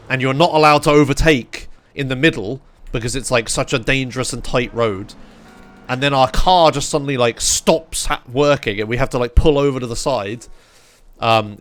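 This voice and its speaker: A man's voice: medium pitch, a bit bright. A young British man, a streamer, telling a rambling story to his chat, swearing freely and full of fillers.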